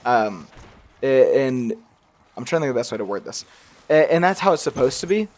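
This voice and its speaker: This gaming YouTuber has a medium-pitched, expressive voice that runs a little fast and a little mellow, over a light hiss or hum. Young and male, he rambles through casual gameplay commentary with frequent laughs and self-deprecating jokes, masking a slight regional accent.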